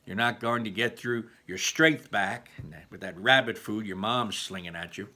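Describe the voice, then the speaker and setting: A man voicing a loud, hearty, middle-aged father who talks with jovial bluster and brushes off concerns. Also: normal speed. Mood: scoffing. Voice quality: booming, boisterous.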